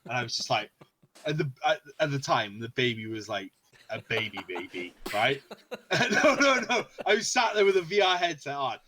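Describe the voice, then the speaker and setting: A man in his thirties co-hosting a casual podcast chat, animated and laughing as he tells stories, swearing freely. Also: medium pitch, normal speed, noisy background. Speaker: podcast co-host.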